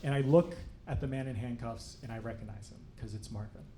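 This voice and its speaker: A young man doing stand-up, telling a story in a dry, wry, deadpan way to a live audience. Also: medium pitch, a little fast. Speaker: stand-up comedian. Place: comedy club stage before a laughing audience. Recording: roomy live club sound, faint crowd noise.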